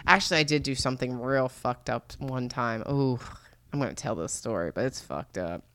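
A woman's voice: a bass voice, moderate pace, fairly bright tone, no room sound, studio quality. A young woman vlogging alone, telling a candid, crude story full of swearing and laughter.

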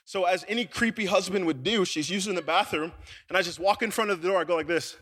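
A man's voice: high voice, quick pace, background noise. A young man preaching to a youth group in a casual, joking storytelling style, with lots of filler words like "like.". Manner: animated and joking, with many fillers like "like". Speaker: youth pastor.

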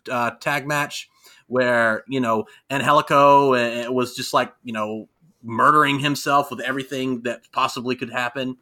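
A man in his thirties co-hosting a casual wrestling chat, animated and rambling with fillers. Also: mid-range voice. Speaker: podcast co-host.

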